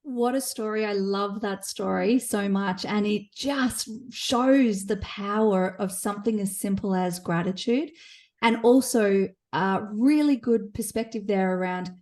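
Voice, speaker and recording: A woman's voice: medium pitch, measured pace, darkish tone. A woman co-hosting a casual business podcast, talking in an encouraging, reflective way with practical tips. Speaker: podcast co-host.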